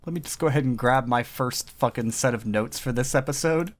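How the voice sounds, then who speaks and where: A man's voice: mid-range voice, brisk. A man co-hosting a comedy podcast, wry and playful in casual chat. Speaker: podcast co-host.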